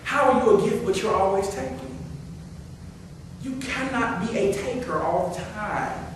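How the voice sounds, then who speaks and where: A middle-aged male pastor preaching a sermon, swinging from hushed talk to loud, playful scolding. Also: high-pitched, a little slow. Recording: very echoey hall, far-off mic, faint hiss.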